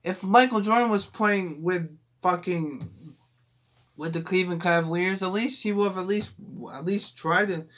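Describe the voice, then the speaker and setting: A man with a somewhat high-pitched voice delivers a heated, profane rant straight to the camera. He sounds agitated and keeps circling back, repeating and restarting phrases as he pushes his point. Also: normal speed, a bit bright. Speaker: sports fan vlogger.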